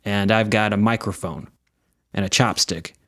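A man's voice: on the low side, steady tone, moderate pace, fairly bright tone, dry recording, clean studio sound. A young man co-hosting a podcast, chatty and joking, laughing often. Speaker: podcast co-host. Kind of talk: casual chat.

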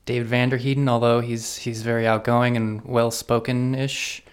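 A man co-hosting a podcast in casual chat, speaking in a low-key, matter-of-fact way. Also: level tone, normal speed, clear, resonant tone. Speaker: podcast co-host.

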